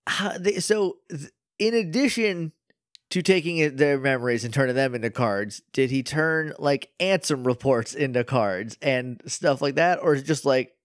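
A man's voice: mid-range voice, normal speed, no echo, clean studio sound. A young adult man co-hosting a podcast, casual, laughing easily and asking curious questions. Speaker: podcast co-host. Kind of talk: casual chat.

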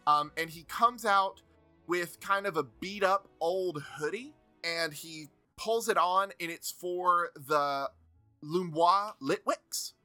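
Bright-voiced tabletop game master. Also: mid-range voice, dry recording. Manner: easygoing, descriptive narration.

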